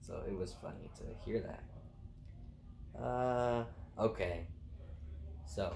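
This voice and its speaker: In an echoey room with a bit of faint noise, a young vlogger rambles through funny work stories, laughing a lot and swearing along the way. He speaks slowly, with a fairly low, gravelly, somewhat dark voice.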